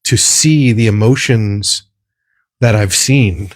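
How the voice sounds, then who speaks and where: A man's voice: fairly low pitch, slow pace, no echo, studio quality. A man co-hosting a podcast in casual chat, rambling and searching for words as he talks. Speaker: podcast co-host.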